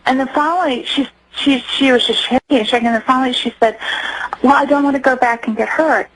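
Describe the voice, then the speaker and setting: A middle-aged woman speaks with a fairly high voice as a guest on a radio broadcast. She tells her story earnestly and stops to restart her sentences. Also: breathy edge, poor audio. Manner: earnest, acts out quoted voices, halting restarts. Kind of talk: radio interview, personal account.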